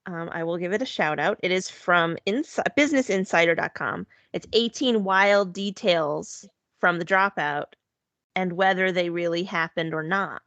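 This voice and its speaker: A woman's voice: on the low side, fairly bright tone, no echo, lo-fi sound. A woman co-hosting a podcast, chatting casually, agreeing readily and reading items aloud. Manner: agreeable, reads quotes aloud, quick back-channel replies. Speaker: podcast co-host. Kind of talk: casual chat.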